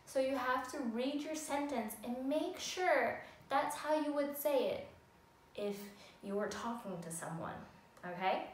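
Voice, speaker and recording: Heard from afar in an echoey room, a woman gives a recorded lesson showing young children how to build sentences. Her voice sits high and is expressive, her pace a little slow, and her delivery patient and sing-song. There's a slight hiss or hum on the recording.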